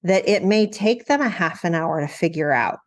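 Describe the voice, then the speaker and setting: A woman with a lowish voice talks through dog training on a podcast. She is reflective and thinks aloud, often restarting her sentences. The talk is relaxed and conversational. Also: normal speed. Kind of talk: casual conversational discussion.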